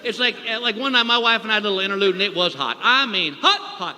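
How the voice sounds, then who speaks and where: A middle-aged stand-up comedian performs a folksy routine on a live stage, acting out both his wife and himself. He speaks fairly quickly with few pauses, in a high voice with lively intonation. The hall is echoey, with loud crowd noise and audience laughter.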